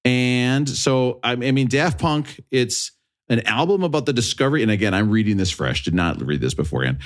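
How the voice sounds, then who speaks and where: A man's voice: medium pitch, fairly quick. A man hosting a podcast, chatting casually and joking with friends. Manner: animated, laughs while joking. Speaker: podcast host.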